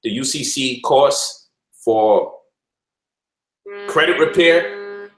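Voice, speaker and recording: A man hosting a casual livestream, lecturing and mocking by turns in an animated way. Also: medium pitch, extremely slow, reverberant, faint music behind, poor audio. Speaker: host.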